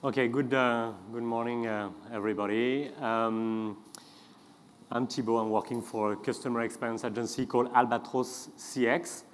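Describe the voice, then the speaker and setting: A man's voice: mid-range voice, fairly even intonation, a little hiss or hum. French-accented man in a reverberant hall. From France. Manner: halting, with many fillers and restarts. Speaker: speaker. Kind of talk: conference talk.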